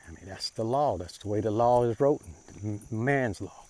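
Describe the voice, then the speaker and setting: Man, lowish voice, self-styled prophet, plain-spoken monologue, informal grammar, repeats himself, unhurried. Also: darkish tone. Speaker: self-described prophet giving commentary. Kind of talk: monologue on faith and social issues.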